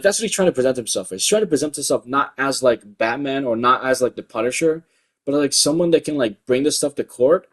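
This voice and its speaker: Young male commentator, light voice, swears constantly, rambling rant delivery. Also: mid-range voice. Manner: profane, rambling, full of filler words. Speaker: YouTube commentator. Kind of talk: ranting commentary.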